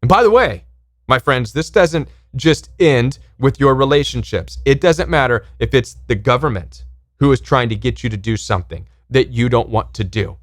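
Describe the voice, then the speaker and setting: A man's voice: medium pitch, no room sound, clean studio sound. A man hosting a self-help channel, speaking in an impassioned, emphatic monologue and acting out pushy voices when he quotes people.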